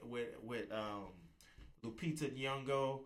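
A man hosting a casual podcast chat, talking in a relaxed, rambling way with lots of fillers. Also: mid-range voice, takes it slowly. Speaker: host.

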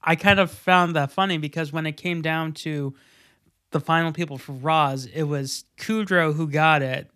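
Podcast host, mid-pitched, loose and jokey, rambles through stories. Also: moderate pace, a bit bright, clear, resonant tone. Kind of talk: casual podcast chat.

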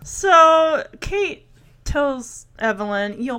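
A slightly high-voiced woman talks through a show's episode in a loose, chatty way. She giggles a lot and breaks into playful little impressions of the characters as she goes. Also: expressive, unhurried, fairly bright tone. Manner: chatty and giggly, laughs often. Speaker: show recapper. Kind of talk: casual recap chat.

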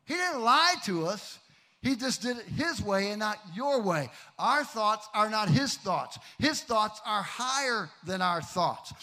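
A middle-aged man preaching a sermon, swinging from loud emphasis to hushed storytelling. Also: high-pitched, animated, measured pace, few pauses. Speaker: pastor.

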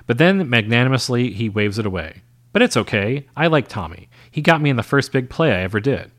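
A man putting on an eager middle-aged cowboy actor, anxious to please and quick to fret. His voice lifts a little above the reader's own. It carries an earnest, self-conscious energy. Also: medium pitch, very animated, fairly bright tone.

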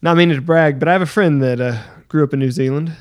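A man co-hosting a casual chat show, his voice sitting a touch higher than most men's. He trades dry jokes and often pauses on fillers mid-thought. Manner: dry joking, halting with fillers. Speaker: podcast co-host. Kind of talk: casual banter.

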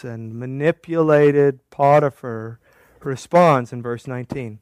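A man's voice: medium pitch, expressive, unhurried, pauses often, no room sound. A man preaching a sermon in a church, with a conversational, wry manner that teases the congregation. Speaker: pastor.

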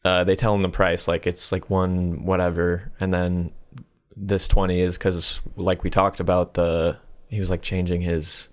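A young man with a deep, low voice chats on a podcast. He tells a story with plenty of swearing and acts out the people in it. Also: flat delivery, unhurried. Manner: profane, storytelling with quoted voices. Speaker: podcast co-host. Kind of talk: casual chat.

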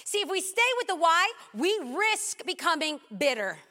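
A woman preaching a sermon in a large church hall, animated and humorous with punchy delivery. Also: extremely high pitch, moderate pace. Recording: long hall reverb.

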